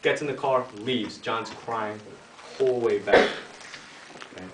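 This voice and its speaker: A man's voice: mid-range voice, a little slow. A man telling a long joke in a casual, meandering way, stuffing in "like" and "you know" and slipping into laughter. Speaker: joke teller. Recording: echoey room, distant mic, noisy home video.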